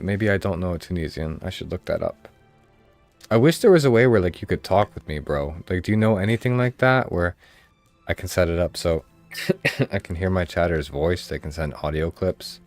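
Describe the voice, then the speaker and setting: Deep, chatty game streamer, Mid-Atlantic accent, faint music behind. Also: male voice, lively intonation, brisk. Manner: chatty, joking, addresses chat. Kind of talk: casual gameplay commentary.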